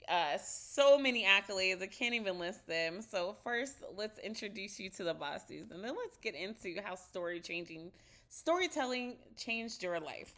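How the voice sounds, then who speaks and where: Woman, Southern US accent, host, casual interview, bubbly, mid-pitched voice. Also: bright, forceful tone. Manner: bubbly, laughs easily.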